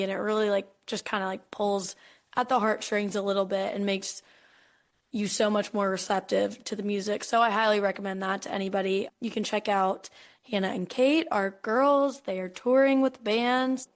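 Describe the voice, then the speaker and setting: A young woman hosting a casual podcast interview, telling stories in a chatty, animated way with lots of filler words. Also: mid-range voice. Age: young adult. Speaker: podcast host.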